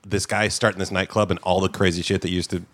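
Low-voiced male co-host on a radio show, casual and chatty, dry close sound. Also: little pitch movement, fast, a bit bright, no room sound. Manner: chatty, riffing with stop-start restarts. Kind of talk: casual chat.

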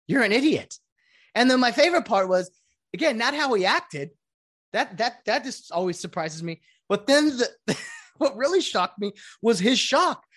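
A woman ranting casually to viewers about sports, rambling with many restarts and asides. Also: mid-range voice. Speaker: sports commentator.

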